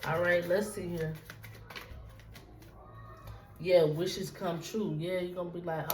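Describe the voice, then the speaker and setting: A woman's voice: lowish voice, steady tone, normal speed, long pauses, faint music behind, poor audio. A woman giving a casual tarot reading, talking straight to her viewers in a loose, repetitive, profane way. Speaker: tarot reader.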